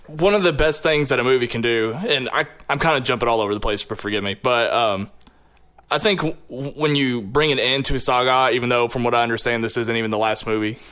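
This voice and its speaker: A man hosting a casual movie podcast, laughing often and jumping between quick asides. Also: medium pitch, a bit bright, clear, resonant tone. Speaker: podcast host. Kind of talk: casual chat.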